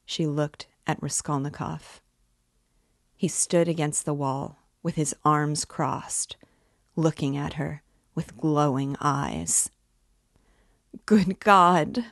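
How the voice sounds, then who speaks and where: Slow, low-voiced woman reading aloud. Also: gravelly, no echo, clean studio sound. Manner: calm, deliberate reading. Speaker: reader. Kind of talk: audiobook narration.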